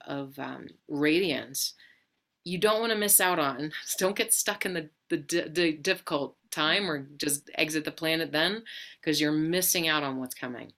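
A woman with a low voice offering gentle, reassuring reflections. She speaks slowly and deliberately, in a calm spiritual tone.

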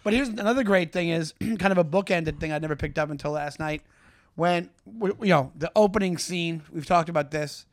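A man co-hosting a comedy podcast in casual chat, enthusiastic, laughing often and slipping into quick impressions. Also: a little high, no echo. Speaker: podcast co-host.

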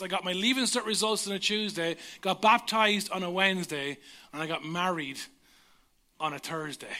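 A man's voice: high-pitched, sharp tone. An Irish man in his thirties preaching a sermon, telling humorous, self-mocking personal stories. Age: 30s. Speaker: pastor.

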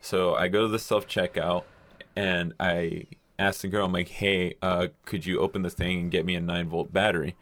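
A man's voice: deep voice, little pitch movement, normal speed, fairly bright tone, dry recording. A young man in casual chat, telling a long rambling story with casual swearing and acted-out quotes. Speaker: podcast co-host telling a story.

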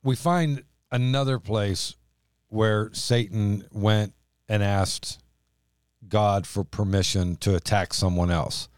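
A man's voice: fairly low pitch, fairly even intonation, takes it slowly, clear, resonant tone, dry recording, clean studio sound. A man co-hosting a casual Bible discussion podcast, talking in an emphatic, exhorting way. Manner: emphatic, exhorting, dramatic when reading scripture. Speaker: podcast co-host.

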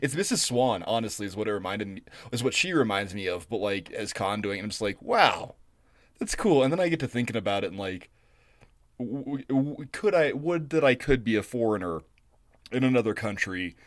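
A man co-hosting a podcast, rambling and profane, getting animated when he retells stories. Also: on the low side, a little fast, dry recording. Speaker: podcast co-host. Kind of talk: casual chat.

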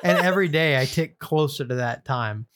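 A young man co-hosting a podcast, laughing a lot and throwing in quick teasing comebacks. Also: fairly high pitch, fairly bright tone, no room sound, studio quality. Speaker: podcast co-host. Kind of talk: casual comedic banter.

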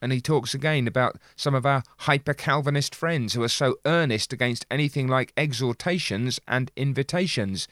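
A man commenting on an old sermon, explaining its meaning and reading passages from it aloud in an earnest, measured way. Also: medium pitch, a bit bright, no echo, studio quality.

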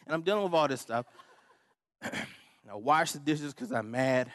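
A man's voice: medium pitch, unhurried, fairly bright tone, no room sound. A middle-aged man preaching a sermon, telling a personal story in a humorous, conversational way and laughing often. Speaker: pastor.

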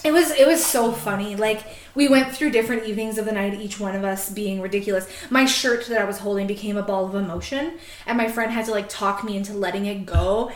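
A woman's voice: medium pitch, fairly quick, echoey room. A young woman casually telling a funny story on a podcast, laughing often and filling her talk with "like". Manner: giggly, frequent laughter and "like" fillers. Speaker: podcast co-host.

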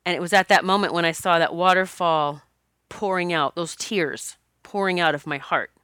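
Bright, clear-voiced chatty woman. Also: lowish voice, fairly even intonation, normal speed, no echo, clean studio sound. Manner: chatty, laughs often, rambling restarts. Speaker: spiritual vlogger. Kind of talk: casual confessional monologue.

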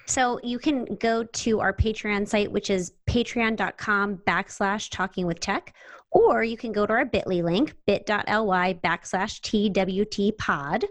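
A woman's voice: mid-range voice, measured pace, dry recording, poor audio. Woman, podcast co-host, upbeat and chatty, dry close recording. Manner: upbeat, promotional. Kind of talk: casual podcast talk.

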